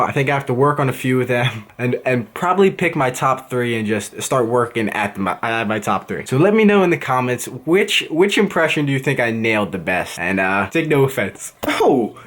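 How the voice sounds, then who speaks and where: A young man in his twenties vlogging casually, slangy and rambling, laughing often. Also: medium pitch. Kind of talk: casual vlog chat.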